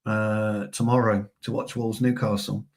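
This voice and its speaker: A man's voice: lowish voice, flat delivery, measured pace. A man co-hosting a casual football fan chat, bantering with his co-host. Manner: chatty, banter-filled, addresses co-host as pal.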